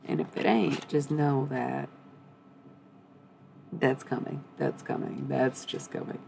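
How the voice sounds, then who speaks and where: Young woman, blunt and profane tarot streamer; low, gravelly voice. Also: steady tone, slow, darkish tone, a little hiss or hum, rough recording. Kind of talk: live-streamed tarot reading.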